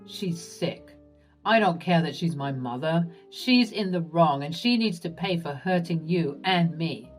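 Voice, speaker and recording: A woman voicing a gentle, conflicted young husband who speaks in a soft, pleading, measured way. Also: low-pitched, expressive, soft background music, voice pushed down. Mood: resolved.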